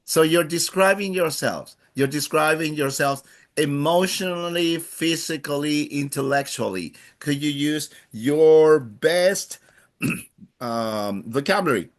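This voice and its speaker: A man teaching a beginner Spanish class, explaining patiently and slowly with frequent hesitations. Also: fairly high pitch. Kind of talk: classroom language lesson.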